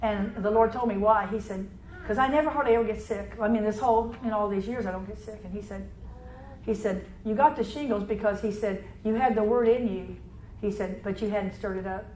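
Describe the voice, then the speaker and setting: A woman preaching a charismatic sermon in fast, run-on talk, clearing her throat and restarting often. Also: mid-range voice, a little mellow, roomy sound, a little hiss or hum, rough recording.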